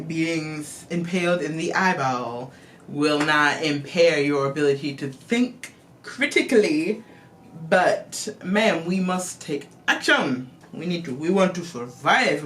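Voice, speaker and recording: A woman vlogger giving a casual, profane, animated movie recap to camera. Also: low voice, takes it slowly, slight background noise.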